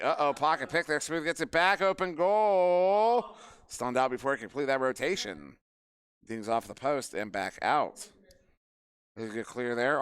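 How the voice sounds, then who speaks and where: Smooth-voiced man calling an esports match. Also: mid-range voice, fairly bright tone. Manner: chatty, jokes with people in the room between calls. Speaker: esports caster. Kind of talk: live esports play-by-play commentary. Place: live event venue.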